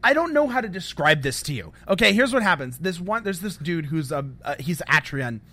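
Casting: man, podcast co-host, slightly high voice, bright tone, animated and rambly. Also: fairly quick. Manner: animated, rambling retelling with lots of fillers. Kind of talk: casual fan podcast chat.

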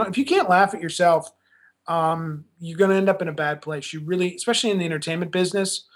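A film director being interviewed, talking casually and laughing at himself, with lots of restarts. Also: male voice, sits high. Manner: chatty, self-deprecating, many restarts.

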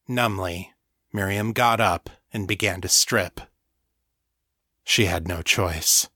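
A man narrating his own novel in steady, even storytelling as author and audiobook reader. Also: low-pitched, takes it slowly, pauses often, no echo, clean studio sound. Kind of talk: scripted narration.

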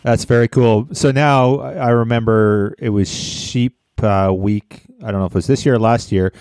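A man's voice: mid-range voice, steady tone, normal speed, darkish tone, smooth, no echo. A man hosting a podcast, asking loose, rambling questions with many restarts. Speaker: podcast host. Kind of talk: casual interview questions.

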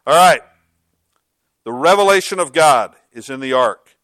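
Joking pastor preaching a lively sermon. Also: male voice, a little high, a little fast, dry recording, studio quality. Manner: animated, joking, acts out voices of others. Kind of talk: conversational sermon. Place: church.

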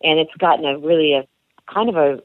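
A woman's voice: sits low, brisk, no echo. A woman being interviewed about her writing and career, talking candidly and rambling with many restarts and fillers. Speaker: actress and author being interviewed. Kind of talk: candid radio interview answers. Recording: phone-like narrow band, dry.

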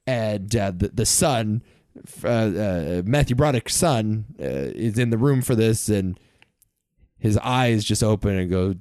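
A man co-hosting a casual movie-review podcast, talking in an animated way, laughing often and throwing in mock-dramatic asides. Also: fairly low pitch, unhurried, dry recording, clean studio sound. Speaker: podcast co-host.

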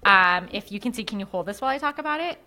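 A woman's voice: medium pitch, expressive, racing, bright, forceful tone. A woman co-hosting a live fashion podcast, playful and upbeat, laughing often. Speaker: co-host.

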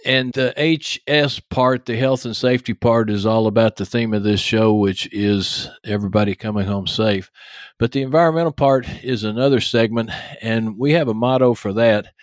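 A man's voice: fairly low pitch, normal speed, no room sound. East texas guy hosting a podcast, chatty and upbeat, dead dry sound. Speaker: podcast host.

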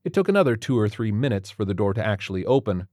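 Male audiobook narrator, low and steady, dry studio sound. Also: quick pace, dry recording.

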